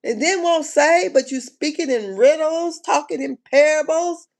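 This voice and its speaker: A woman chatting casually on a live stream, animated and slangy, often laughing and exclaiming. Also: high-pitched, measured pace. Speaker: reality TV commentator.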